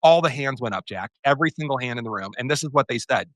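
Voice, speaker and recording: A man on a podcast in relaxed conversation. He tells his story with animation and slips into the voices of the people he quotes. His voice sits at a middle pitch and sounds close and dry, with no room echo. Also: fast talker. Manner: animated storyteller who acts out quoted exchanges. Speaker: podcast co-host.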